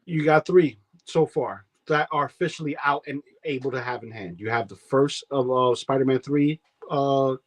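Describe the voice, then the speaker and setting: A man's voice: medium pitch, normal speed, few pauses. A man with a New York accent chatting casually on a collectors' panel, explaining figures in detail with lots of "uh" and "um". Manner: explains in detail with many fillers. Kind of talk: casual chat.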